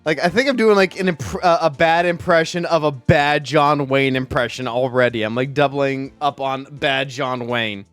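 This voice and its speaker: A man's voice: medium pitch, steady tone, normal speed, few pauses, fairly bright tone, clean tone, faint music behind. A man streaming a video game, chatting casually with a rambling, joking manner. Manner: rambling, joking, frequent restarts. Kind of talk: casual gameplay commentary.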